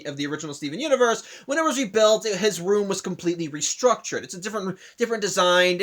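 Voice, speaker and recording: High-voiced man rambling through a recap. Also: fairly bright tone. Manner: rambling, with frequent restarts and self-corrections. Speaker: show recap reviewer. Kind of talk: casual episode recap commentary.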